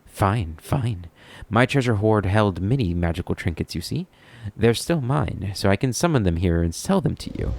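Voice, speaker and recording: A man's voice: on the low side, lively intonation, normal speed, gravelly, a little mellow. A man voicing a greedy, haughty male demon lord trapped in a toothy treasure chest, reading his lines in a game. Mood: wheedling. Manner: greedy, wheedling.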